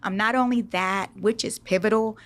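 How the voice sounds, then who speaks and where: A woman's voice: mid-range voice, normal speed. Bubbly middle-aged woman entrepreneur. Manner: bubbly, animated, playful. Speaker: business owner guest. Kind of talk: casual interview chat.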